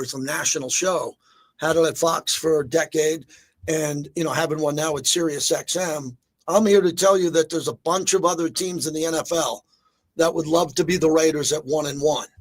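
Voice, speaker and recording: A man's voice: fairly high pitch, a bit bright. A man hosting a sports talk radio show, talking emphatically and with animation to his listeners from a studio.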